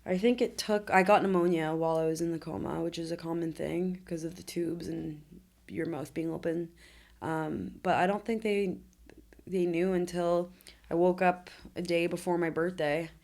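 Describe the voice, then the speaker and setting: A woman's voice: lowish voice, steady tone, normal speed, darkish tone. A woman in her twenties, a podcast guest, telling her story candidly and earnestly in conversation. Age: 20s. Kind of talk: conversational interview.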